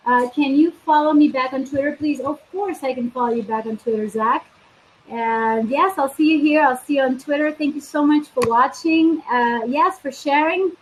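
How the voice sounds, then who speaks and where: A woman's voice: high-pitched, moderate pace, a little hiss or hum, poor audio. A woman life coach hosting a live video stream, chatting casually and upbeat, talking straight to her viewers.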